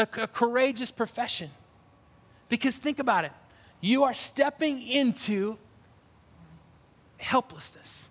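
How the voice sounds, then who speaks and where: Preaching in a very high, slightly bright voice, the man delivers his sermon with earnest emphasis and keeps restarting his phrases. The sound carries the long reverb of a big hall.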